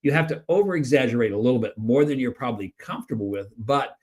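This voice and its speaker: A man co-hosting a podcast and teaching sales in casual conversation. He talks with energy, often repeats words as he starts a sentence, and acts out excited and flat sales pitches. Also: quick pace. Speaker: podcast co-host and sales trainer.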